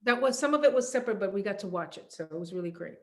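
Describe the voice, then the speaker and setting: Speaking at a racing clip, this middle-aged woman has a medium-pitched, animated voice. She's an actress being interviewed about her acting work, chatting loosely with plenty of fillers and false starts and laughing readily.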